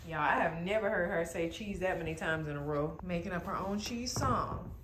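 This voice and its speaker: A young mother films a casual home vlog, talking to her toddler in a doting, sing-song way and laughing often. Her voice is fairly low and moves at a normal speed. Music plays beneath her over a noisy background.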